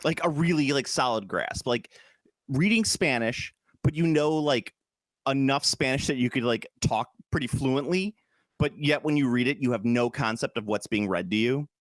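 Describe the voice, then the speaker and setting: A man's voice: medium pitch, normal speed, no room sound. A man co-hosting a podcast, chatting casually and joking, fond of trying out accents. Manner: animated, joking, tries accents. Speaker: podcast co-host. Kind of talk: casual chat.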